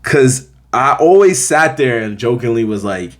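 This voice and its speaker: Young male host, casual slangy review, lively storytelling with voiced reactions. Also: medium pitch, a little slow, few pauses. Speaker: show host reviewing a series.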